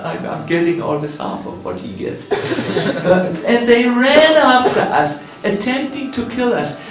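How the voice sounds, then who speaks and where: In a temple hall, a swami with a German accent gives a scripture class as a storytelling sermon, acting out the lines of the people in his tale. His voice is very high, and the distant recording sounds roomy.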